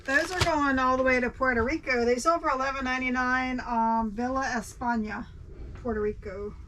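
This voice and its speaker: A woman's voice: high voice, steady tone, brisk, a bit bright, a little hiss or hum, poor audio. A woman co-hosting a reseller video, reading out each sale in a matter-of-fact, casual way. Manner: matter-of-fact, reads off sales. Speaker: reseller co-host. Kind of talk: casual chat.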